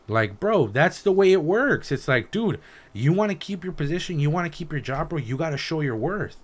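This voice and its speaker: A man's voice: fairly high pitch, moderate pace. A man telling work stories on a casual podcast, swearing freely and acting out the people he quotes. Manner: profane, animated storytelling, acting out quoted dialogue. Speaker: podcast co-host; welder.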